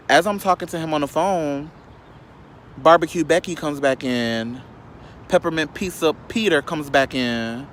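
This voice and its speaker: A fairly high-pitched man, recorded with a little hiss or hum, delivers a casual storytime rant as a vlogger. He's from the South Side of Chicago and comes across sassy, animated and profane, with quick asides to the people watching.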